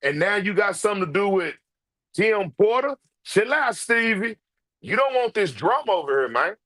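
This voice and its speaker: A man's voice: high-pitched, sing-song, moderate pace, pushed and bright. A man giving casual ranting commentary, brash and profane, calling people out directly. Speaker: online commentator.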